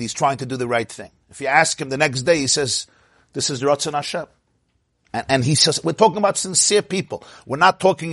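A man teaching a lively Torah class, asking his listeners questions and acting out the people in his stories. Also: on the high side, no echo, studio quality. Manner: animated, asks the audience "huh?" and acts out quotes. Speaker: rabbi.

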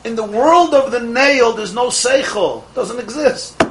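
A man teaching a Torah class to a live group of students, an animated storyteller who fires off rhetorical questions and laughs at his own jokes. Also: very high voice, unhurried, noisy background. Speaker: religious teacher.

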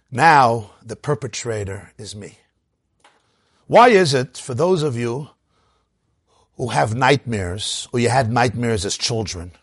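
A man giving a Torah lecture, animated, swinging between loud emphatic bursts and quiet low asides. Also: no room sound, clean studio sound. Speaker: rabbi teaching a class.

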